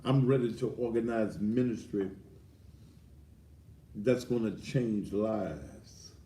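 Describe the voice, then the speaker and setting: A man's voice: fairly low pitch, slow pace, warm tone. A middle-aged man, a pastor giving a blunt, fiery sermon-style address with profanity. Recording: roomy echo, distant from the mic.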